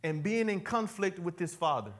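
A pastor preaching a sermon in church, swinging from loud cries to quiet, folksy asides aimed at the congregation. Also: male voice, high voice, lively intonation, normal speed. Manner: folksy, talks straight to the congregation.

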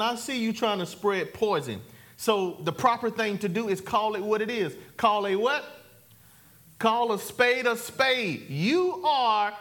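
A man preaching a lively sermon, calling for the congregation's responses and swinging between high exclamations and low, quiet asides.

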